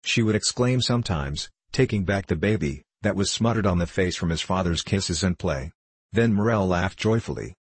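Deep, husky male audiobook narrator. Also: animated, moderate pace, no echo. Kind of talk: scripted narration of a novel.

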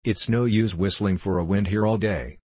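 A man reading a gruff, grim ship's surgeon. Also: fairly low pitch, normal speed, a little mellow, no room sound. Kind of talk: audiobook character voice.

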